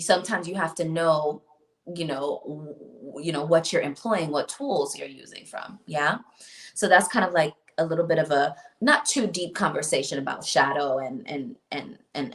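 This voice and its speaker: A woman's voice: low voice, fairly bright tone. A woman hosting a casual self-help livestream, speaking in a meandering way with repeated words. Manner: meandering, repeats words, reads viewer comments. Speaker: spiritual self-help host.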